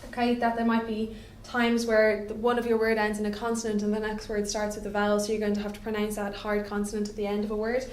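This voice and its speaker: A woman's voice: medium pitch, completely flat delivery, fast talker, hardly any pauses. Chatty woman teacher, echoey room. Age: 20s. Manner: chatty, full of "like" and "okay?". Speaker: French teacher. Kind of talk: classroom lecture.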